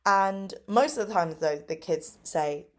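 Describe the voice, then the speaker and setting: An English teacher vlogger, a woman in her twenties from England, chats casually and upbeat about her teaching days, using lots of fillers and acting out kids' voices with big pitch jumps. Her voice is expressive at a measured pace, recorded on a phone camera.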